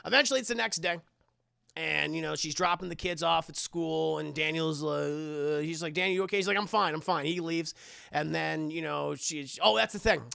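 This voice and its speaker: A man's voice: fairly high pitch, normal speed, vocal fry, bright, forceful tone, clear, resonant tone, no echo. A man recapping a movie plot casually, rambling, stammering and swearing as he goes, on a close dry mic. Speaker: movie reviewer streamer.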